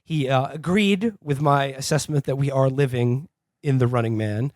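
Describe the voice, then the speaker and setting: A man's voice: mid-range voice, normal speed, a little mellow, dry recording. A man co-hosting a podcast in casual comedic chat, rambling with lots of fillers and laughing often. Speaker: podcast co-host.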